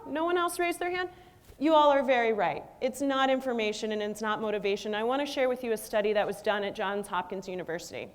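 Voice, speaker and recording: A middle-aged woman with a high voice speaks as a motivational keynote speaker in a large conference hall. She talks with lively energy and pulls the audience in with direct questions. Her voice rings out with a long reverb tail from the big room. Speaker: keynote speaker and wellness coach.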